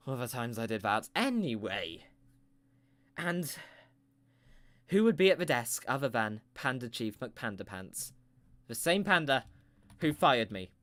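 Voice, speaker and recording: A man's voice: medium pitch, a bit bright. A man telling a rambling improvised comic story with playful, self-mocking asides.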